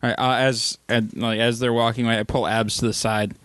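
A man playing a tabletop game, chatty and eager with quick questions. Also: medium pitch, little pitch movement, fairly bright tone, a little hiss or hum. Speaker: player. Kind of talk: casual tabletop game chat.

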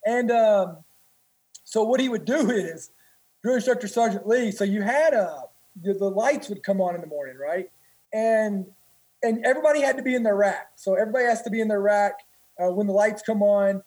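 Heard through low-quality audio, this former Marine guest has a high-pitched, slightly mellow and husky voice at normal speed. He tells casual stories profanely and ramblingly, restarting often.

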